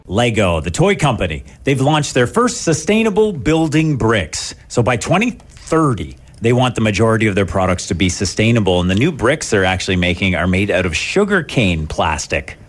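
A man's voice: lowish voice, sing-song, normal speed, few pauses, soft background music. A man co-hosting a morning radio show, telling news stories with jokes and laughing at his own punchlines. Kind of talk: joking morning radio banter.

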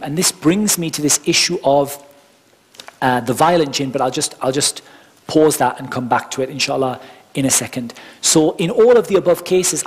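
A man's voice: on the high side, breathy edge. A man giving an informal workshop lecture, explaining step by step with frequent asides. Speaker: workshop instructor. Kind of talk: conversational teaching lecture.

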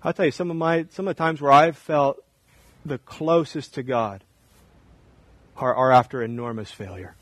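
A man in his thirties preaching a sermon, swinging from hushed, intimate talk to raised, emphatic repetition. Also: medium pitch, normal speed, long pauses, dry recording, rough recording. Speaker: pastor.

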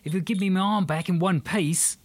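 A man's voice: high voice, brisk, slight background noise, pitched above the performer's own voice, natural voice. A man voicing a slight, wiry young male ship's crewman with an Australian accent, chatty and apologetic. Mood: pleading. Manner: chatty, apologetic, a bit petulant.

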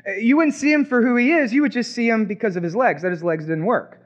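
A man preaching a sermon as pastor, animated and acting out imagined reactions. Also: very high voice, fast talker, highs cut off.

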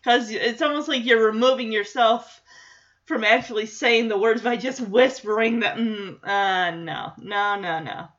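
A woman hosts a casual podcast, rambling along and thinking aloud with many restarts. Her voice sits a little high. The recording sounds dull and lo-fi. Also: a little slow, a bit bright. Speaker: podcast host recapping a sitcom episode. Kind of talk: casual chat.

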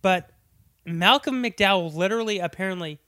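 Casting note: chatty podcast co-host, man with a high voice, dry close sound. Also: normal speed, bright, forceful tone, no echo. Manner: chatty, laughs often, breaks into voices for quotes. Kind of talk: casual movie chat.

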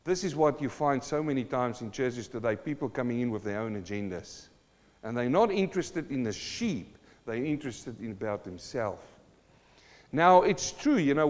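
Impassioned preacher in an echoing hall. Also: male voice. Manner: impassioned, swings between loud emphatic peaks and low quiet passages; slows down to stress key phrases, repeats words. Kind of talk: sermon. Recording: dull sound with long hall reverb.

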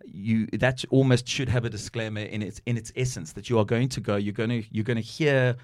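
A middle-aged radio DJ from South Africa chatting in an interview, animated and quick to laugh, telling stories with lively asides. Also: male voice, mid-range voice. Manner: animated storyteller who slips into put-on voices and laughs often. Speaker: radio DJ and guest. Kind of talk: casual interview chat.

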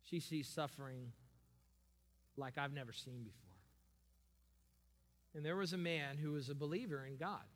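A man preaching a sermon as pastor, building to slow, emphatic peaks. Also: on the high side, a bit bright. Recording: long hall reverb.

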